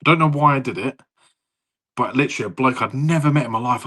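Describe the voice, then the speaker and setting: A man's voice: mid-range voice, quick pace, bright, forceful tone. A man in his thirties, co-hosting a podcast, rambling through stories with laughter and swearing. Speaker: podcast co-host. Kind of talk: casual chat.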